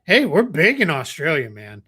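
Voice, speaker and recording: Bright-voiced rambling male co-host. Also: fairly high pitch, wildly swooping pitch, normal speed, slightly rough. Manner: rambling, reads viewer messages, trails off quietly. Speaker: podcast co-host. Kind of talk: casual live draft chat.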